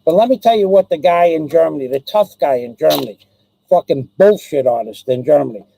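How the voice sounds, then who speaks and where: A man's voice: fairly high pitch, expressive, brisk, gravelly, warm tone, slight background noise, low-quality recording. A man hosting his own live stream, ranting and rambling, swearing constantly and repeating himself.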